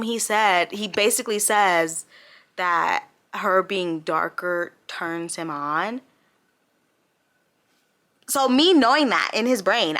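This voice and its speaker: A young woman in her twenties with a bright, crisp voice, talking straight to camera about a book she disliked. She rants frankly and with exasperation, breaking into laughs between points, in loose, casual chat. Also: fairly high pitch. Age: 20s. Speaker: book reviewer.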